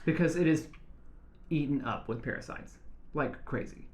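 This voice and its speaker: A podcast co-host presenting an animal topic in casual chat, chatty and quick to giggle. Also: mid-range voice, darkish tone. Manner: chatty and giggly, with frequent fillers.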